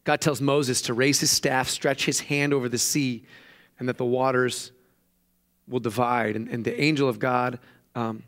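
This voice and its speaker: A male pastor giving a lively sermon, retelling a story and acting out the voices of its people. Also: moderate pace. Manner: animated storytelling, acting out quoted voices with raised pitch. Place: church.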